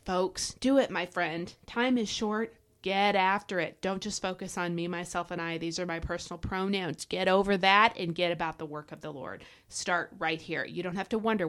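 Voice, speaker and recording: A woman's voice: medium pitch, a bit bright. A woman hosting a devotional podcast, exhorting listeners in a fervent, preachy way. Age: adult parent. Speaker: podcast host. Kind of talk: devotional Bible teaching podcast.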